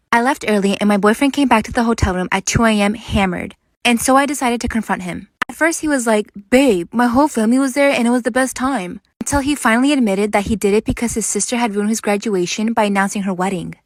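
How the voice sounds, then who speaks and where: A woman reads online stories aloud at a quick clip, her voice slightly high. The sound is dry and close. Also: no echo.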